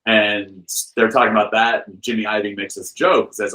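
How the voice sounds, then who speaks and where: Man telling a lively anecdote casually. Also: fairly low pitch, normal speed, low-quality recording. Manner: lively anecdote-teller with loose filler words; acts out the people he quotes with shifted voices. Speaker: podcast guest, film director and author. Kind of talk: casual storytelling.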